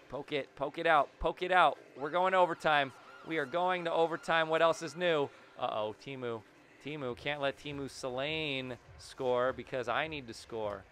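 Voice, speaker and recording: Excitable man narrating his gameplay. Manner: excitable, swings between low muttering and sudden yells; talks to the game and himself, repeats phrases. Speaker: gaming video creator. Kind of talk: casual gameplay commentary.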